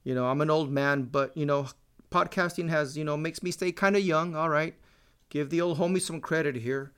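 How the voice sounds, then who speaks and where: A man's voice: a little high, moderate pace, fairly bright tone, smooth. A man in his forties hosting a casual solo podcast, joking and swearing freely, dropping in Spanish words. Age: 40s. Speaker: podcast host.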